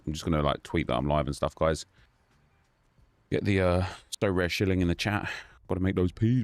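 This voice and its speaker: A man's voice: deep voice, brisk, long pauses, no room sound, soft background music. A man hosting a gaming live stream, casually greeting viewers by name in a loose, chatty way.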